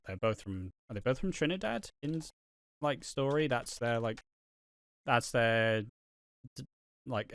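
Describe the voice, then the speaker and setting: An English man chats on a podcast in a bright, clear voice. He stumbles and restarts his sentences often and swears offhandedly. The sound is close and dry. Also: mid-range voice, no room sound. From England. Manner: halting, many restarts, swears casually. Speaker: podcast co-host. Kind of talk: casual podcast chat.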